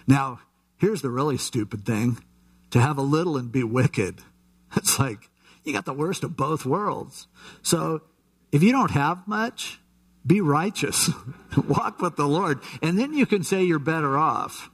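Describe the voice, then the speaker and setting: A man preaching a conversational Bible-teaching sermon, relaxed and chatty, with asides and frequent restarts. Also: a little high, unhurried, slightly rough. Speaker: pastor.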